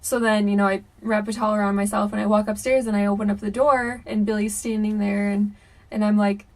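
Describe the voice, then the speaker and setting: A young woman tells a spooky story from her own life straight to her viewers, chatty and animated, with plenty of "um"s and "like"s. Her voice sits at an ordinary middle pitch, and the mic is a little distant from her. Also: brisk. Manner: chatty, animated, many fillers like "um" and "like". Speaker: YouTuber. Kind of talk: casual storytelling to camera.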